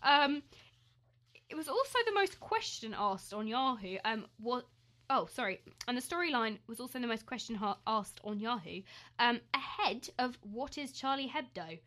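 Bright, giggly young Englishwoman. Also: on the high side, expressive. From England. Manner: giggly, teasing, reads stories haltingly. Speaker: podcast co-host. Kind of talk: casual chat, reading news items aloud.

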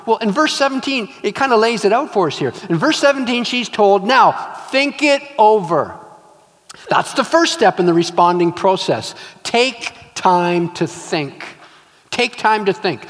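A male pastor preaching a sermon, telling stories and acting out scenes with emphatic repetition. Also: sits high. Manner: animated storytelling, acts out scenes, emphatic repetition. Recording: long reverb of a large hall.

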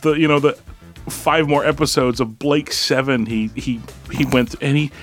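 A man's voice: medium pitch, moderate pace, soft background music. A man co-hosting a podcast in casual chat, rambling with restarts and laughs. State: hiccups, drinking beer. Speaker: podcast co-host.

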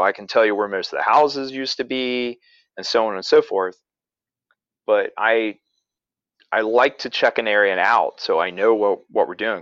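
A man with a lowish voice tells a story in an easygoing, rambling way, full of fillers and restarts. The sound is dry and close, with a dull, slightly lo-fi quality. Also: fairly bright tone, no echo. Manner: rambling, many "you know" fillers and restarts. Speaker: paranormal investigator and podcaster. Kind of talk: casual storytelling in conversation.

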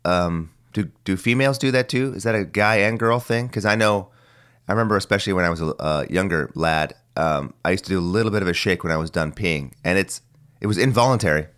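Forties male host, very low and phlegmy, rambling solo talker with some cursing. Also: a little fast, a bit bright, clean tone. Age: 40s. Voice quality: phlegmy voice that cracks. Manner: rambling, musing, mildly profane. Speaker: podcast host. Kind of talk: casual solo monologue.

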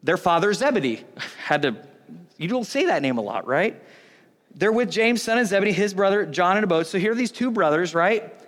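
A man's voice: high-pitched, lively intonation, fairly quick, fairly bright tone. Man, pastor, sermon, conversational, joking, long reverb in a big hall. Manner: conversational, joking, self-interrupting.

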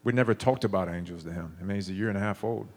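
A man's voice: low-pitched, racing, husky. A man in his thirties preaching a sermon, telling stories in a conversational way with frequent restarts.

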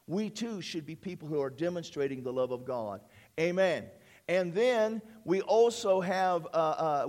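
A man's voice: sits high, darkish tone. A man preaching a sermon as a church pastor, repeating phrases and calling out for amens from the congregation.

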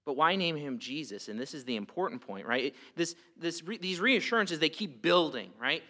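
A man preaches a sermon in a bright, forward voice that sits a little high for a man. He is emphatic and keeps asking rhetorical questions, often repeating words as he builds his point. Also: animated, moderate pace. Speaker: pastor.

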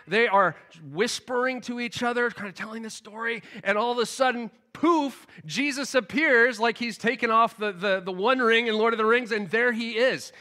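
Man, preacher, casual Bible talk, animated storytelling, high pitch. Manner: animated, storytelling, laughs often.

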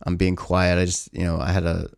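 A man quoting a withdrawn young woman on a date. She speaks in a low, subdued mumble. The voice is gravelly and dry. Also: monotone, brisk, no echo.

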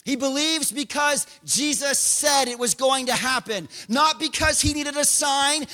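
A man preaching a sermon, telling the story in an animated way and acting out scenes. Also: very high-pitched, measured pace, few pauses, big-room sound, soft background music. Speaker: pastor.

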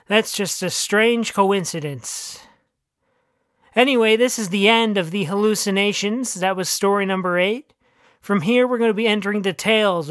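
A storyteller reading their own odd short fiction and then dropping into casual commentary. The voice is bright and clear. The recording is dry and close. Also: mid-range voice, no echo. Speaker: author and narrator.

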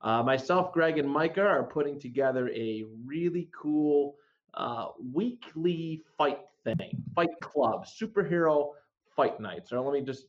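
A man's voice: a little high, expressive. A man hosting a comics podcast, chatting casually and restarting his sentences often. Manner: halting, many restarts. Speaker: podcast host. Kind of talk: casual chat. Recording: dull lo-fi audio.

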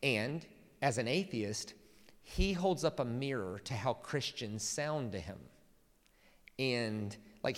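A man preaching a sermon, animated and emphatic, often stumbling over and repeating words. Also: mid-range voice. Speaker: pastor. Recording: long hall reverb.

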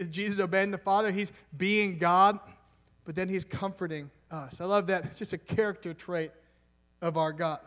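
A young man preaching a conversational sermon, enthusiastic and chatty, with laughs and asides. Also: sits high. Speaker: pastor.

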